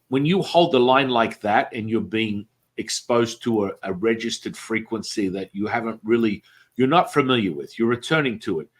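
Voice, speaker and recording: A man guest telling street hypnosis stories in a casual chat, acting out quotes in other voices. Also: fairly low pitch. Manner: animated, acts out quotes in many voices.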